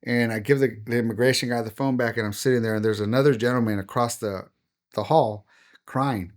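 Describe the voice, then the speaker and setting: A man's voice: medium pitch, steady tone, brisk. A middle-aged man, a pastor, telling a story on a podcast and acting out the dialogue he quotes. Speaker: pastor and guest.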